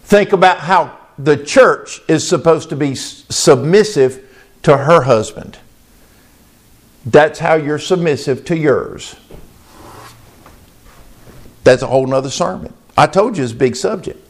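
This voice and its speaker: A man preaching a sermon as pastor, slow and emphatic, asking the congregation questions. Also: sits high, lively intonation, fairly bright tone.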